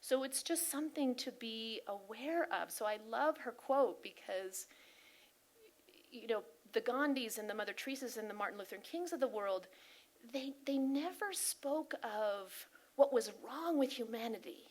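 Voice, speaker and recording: A woman giving an inspirational sermon talk as a spiritual practitioner, earnest and animated, often asking her listeners questions. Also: fairly high pitch, moderate pace. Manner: animated and emphatic, acting out angry voices. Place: spiritual center service.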